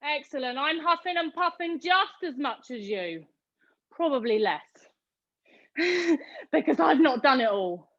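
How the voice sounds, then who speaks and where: A woman's voice: high voice, lively intonation, unhurried, fairly bright tone, highs cut off. A British woman leading a live online workout class, calling out reps and counting down as she cheers her students on. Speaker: fitness instructor.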